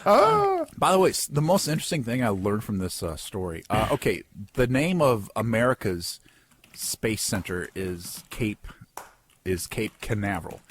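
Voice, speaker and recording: A man's voice: fairly low pitch, huge pitch swings, moderate pace, breathy edge, no echo. A man co-hosting a casual comedy podcast, joking and laughing at his own bits. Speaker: podcast co-host.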